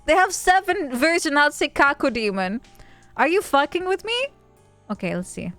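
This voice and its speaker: A woman's voice: high voice, very animated, moderate pace, fairly bright tone, faint music behind. A woman streamer chatting casually, playful and rambling, laughing often; English is not her first language. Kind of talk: casual chat.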